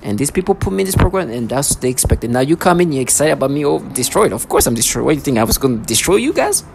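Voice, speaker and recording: Vlogger, mid-pitched, agitated, repetitive, stammers and restarts often. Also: sing-song, racing, vocal fry, slight background noise. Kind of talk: rambling personal monologue.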